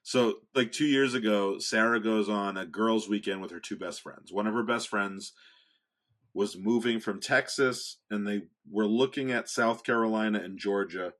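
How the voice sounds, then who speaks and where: Low-voiced man in casual chat. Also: moderate pace. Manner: casual, swears, lively retelling. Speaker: podcast co-host.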